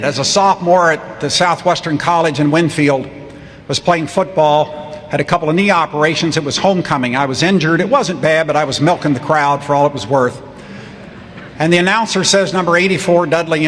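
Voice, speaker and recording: A man in his sixties gives a commencement speech in a wry, deadpan storytelling manner. His voice sits fairly high for a man. The sound carries a long hall reverb over faint crowd ambience. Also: slight background noise. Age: 60s. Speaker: commencement speaker. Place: large ceremony hall.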